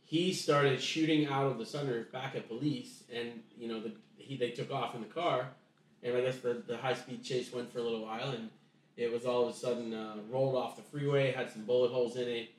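A man's voice: mid-range voice, steady tone, brisk. Man telling a story from across an echoey room. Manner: rambling, with many restarts and reenacted dialogue. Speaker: podcast guest telling a story. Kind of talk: casual storytelling chat. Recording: echoey room, voice distant from mic.

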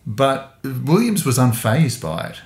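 A man's voice: medium pitch, huge pitch swings, a little slow, darkish tone. A man co-hosting a podcast, chatting casually about sport with joking, sarcastic asides. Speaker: podcast co-host. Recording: echoey room.

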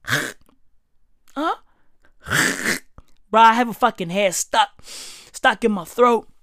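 A woman's voice: fairly high pitch, normal speed, a bit bright, no echo, clean studio sound. A woman doing a profane comedic rant, heavy on slang, riffing and swearing constantly. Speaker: comedic commentator.

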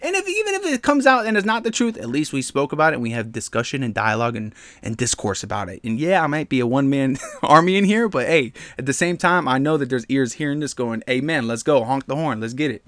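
A man's voice: medium pitch, sing-song, fast talker, hardly any pauses, fairly bright tone, dry recording. A man hosting a podcast alone, ranting bluntly and heatedly in casual slang and talking straight to his listeners. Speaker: podcast host.

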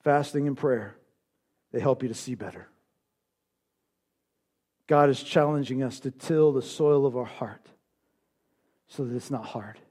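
A man pastor preaching a sermon to his congregation, impassioned, swinging from loud declarations to hushed lines. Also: mid-range voice, a little slow, long pauses, slightly rough.

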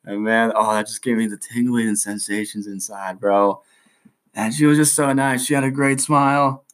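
A man's voice: lowish voice, fairly even intonation, moderate pace. A young man hosting a casual solo podcast, rambling in hyped surfer slang. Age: young adult. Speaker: podcast host.

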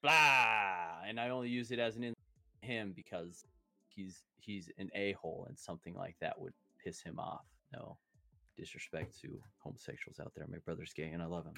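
A young podcast co-host with a slight lisp, not caused by retainers, rambles through crass, self-deprecating banter in casual chat. His deep voice is brisk with vocal fry and fairly even intonation.

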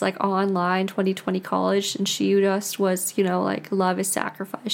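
American girl in her 20s rambling on her podcast, says like a lot, kinda flat monotone delivery. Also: mid-range voice, gravelly. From United States. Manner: chatty, rambling, heavy use of "like", frequent restarts. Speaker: podcast host. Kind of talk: casual confessional monologue.

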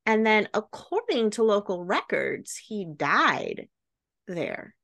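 A woman's voice: medium pitch, very animated, slow, creaky, a bit bright. Chatty female podcast host, casual storyteller, lots of filler. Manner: chatty, many fillers like "right?" and "like".

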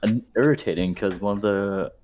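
A man's voice: fairly low pitch, normal speed, a little mellow, muffled recording, a little hiss or hum. A young man in his twenties, a former university student, rambling through a casual story with fillers and some swearing. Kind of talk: casual chat.

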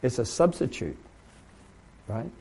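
A man's voice: medium pitch, sing-song, slow, a little mellow, a little hiss or hum. A man preaching a sermon to trainees, asking rhetorical questions and now and then mimicking the voices of other people.

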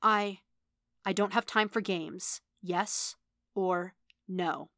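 A woman voicing a hushed male android. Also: medium pitch, fairly even intonation, extremely slow, no echo, studio quality. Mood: terse, pressing. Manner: hushed, near-whispered. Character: soft-spoken male android, earnest and guarded.

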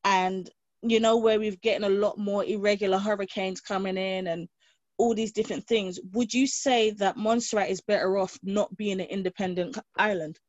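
A woman interviewer asks careful, drawn-out follow-up questions in a steady voice. The sound is dry and slightly muffled. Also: mid-range voice, no echo.

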